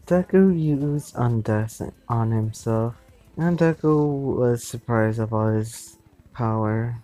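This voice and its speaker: Brief: slow, hesitant man narrating a homemade story, mellow tone, faint music behind. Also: medium pitch, low-quality recording. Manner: halting, with restarts and repeated words. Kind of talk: improvised fan-fiction narration.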